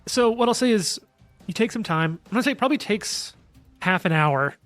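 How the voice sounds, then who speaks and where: A man's voice: sits high, animated, brisk, a bit bright, faint music behind. A man narrating as game master of a tabletop role-play, rambling with many fillers and restarts. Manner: rambling, filler-heavy, laughs easily.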